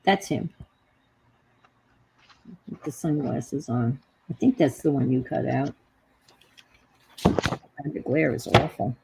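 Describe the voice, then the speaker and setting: Low, gravelly-voiced woman with a New York accent; rambling host of a craft stream who chats while she works. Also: slow pace, pauses often, noisy background. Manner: rambling, trails off and searches for words. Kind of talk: casual crafting chat.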